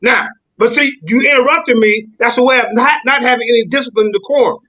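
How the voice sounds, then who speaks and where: A man's voice: very high voice, quick pace, sharp tone, highs cut off. A man, arguing heatedly on a call-in panel and insisting he not be interrupted. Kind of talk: heated argument.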